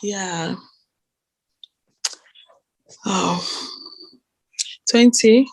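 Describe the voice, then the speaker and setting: Slow-talking, giggly woman. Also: mid-range voice, a little mellow, breathy edge, no echo. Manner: giggly, hesitant, searching for words. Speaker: podcast co-host. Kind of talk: casual chat.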